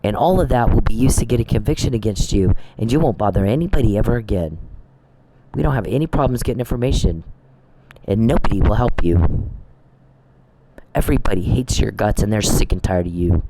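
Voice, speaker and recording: A man's voice: lowish voice, lively intonation, fairly quick, noisy background. A man ranting angrily in a mocking, profane, taunting manner, addressing someone directly. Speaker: online commentator. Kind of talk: angry rant to camera. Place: Oklahoma.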